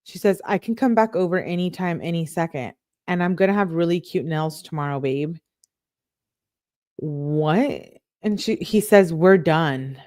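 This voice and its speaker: A woman hosting an online show, reading text messages aloud and breaking in with quick reactions of her own. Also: on the low side, darkish tone, no room sound, studio quality. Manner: reads quotes then breaks in with quick reactions. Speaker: online true-crime show host.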